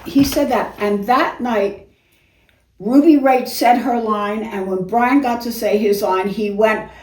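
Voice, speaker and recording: An older actress and singer, a guest in a casual interview, reminisces about theater with warm laughter woven through her chatty anecdotes. Her voice is on the high side and her pace measured. She sounds a bit far from the mic in a roomy, echoing space with slight background noise.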